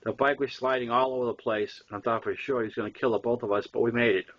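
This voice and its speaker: A man reading his own first-person novel aloud, relaxed and conversational with small fillers. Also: mid-range voice, fast talker, lo-fi sound. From Boston area. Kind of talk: first-person memoir narration.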